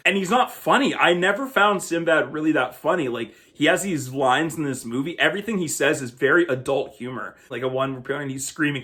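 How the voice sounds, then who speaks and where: His voice a little high, pushed and bright, a man hosting a film review show chats casually about a movie. He's conversational throughout and laughs now and then.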